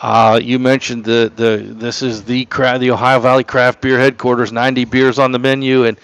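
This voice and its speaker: A man's voice: mid-range voice, level tone, moderate pace, a bit bright, smooth, rough recording. A man hosting a casual on-location radio interview, joking and laughing, and losing his voice. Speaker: radio show host.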